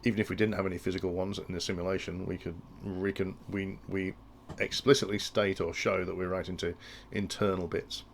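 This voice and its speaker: A man's voice: low-pitched, flat delivery, fairly quick, creaky, hardly any pauses, slight background noise. A man explaining industrial control logic in a tutorial, thinking aloud and often restarting his sentences. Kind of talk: technical tutorial walkthrough.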